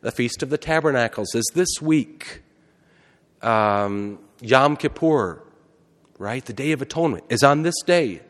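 A man's voice: mid-range voice, lively intonation, a little slow. A man, a priest, giving a conversational sermon and often asking the congregation questions. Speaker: Catholic priest. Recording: long hall reverb.

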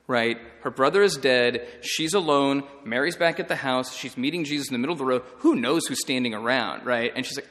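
Priest guy chatting through scripture tips, lots of "right?", mid-pitched, big echoey hall. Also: fairly quick, few pauses. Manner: conversational, animated, frequent "right?" tags. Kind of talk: teaching talk on scripture reading.

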